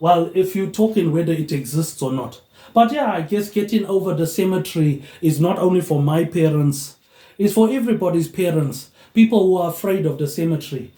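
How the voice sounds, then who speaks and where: A man's voice: on the high side, a little fast, warm tone. A man vlogging into a phone tablet without a microphone, rambling on and tagging his lines with a slangy "mate, eh". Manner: meandering, tags lines with "mate, eh". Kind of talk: rambling solo monologue. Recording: echoey room, no mic.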